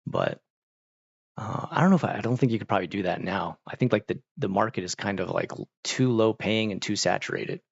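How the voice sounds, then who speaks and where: Man, rambling casual chat, storytelling with lots of fillers, slightly low voice, muffled lo-fi sound. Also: brisk, vocal fry, slightly rough, dry recording. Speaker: streamer.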